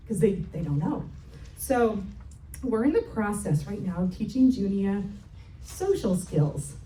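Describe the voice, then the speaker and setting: A woman's voice: mid-range voice, dark tone, distant mic. A woman in her thirties giving a chatty, self-mocking talk at a church retreat, often laughing as she tells family stories. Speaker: retreat speaker. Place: church hall. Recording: echoey hall, mic from afar.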